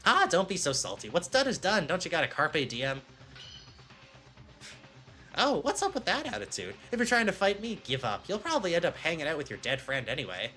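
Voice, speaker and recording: Guy doing a squeaky gloating bear headmaster, bright and bouncy, faint game music behind. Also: wildly swooping pitch, a little fast, exaggerated voice. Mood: taunting. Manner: sing-song, taunting, mock-cheerful. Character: gleeful sadistic bear headmaster, male.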